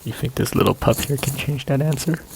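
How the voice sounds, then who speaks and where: A man voicing a gravelly menacing gang thug. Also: medium pitch, a little fast, background noise, voice pushed up, close to an everyday voice. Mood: mock friendly. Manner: bullying, tough-guy swagger. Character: menacing male gang thug, pushy interrogator. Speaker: game character voiced by player.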